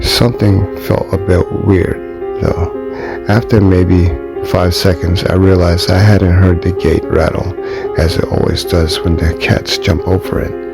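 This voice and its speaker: A man with a very deep, heavily gravelly voice tells an eerie story at an unhurried, deliberate pace. His delivery stays calm and measured, with clear music playing behind him. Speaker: story narrator. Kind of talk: slow scripted narration of an eerie true story. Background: music bed.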